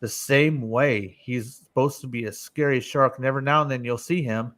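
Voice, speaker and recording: A man's voice: medium pitch, moderate pace, fairly bright tone. A man hosting a casual live-stream panel discussion, loose and swearing freely, calling on each panelist by name.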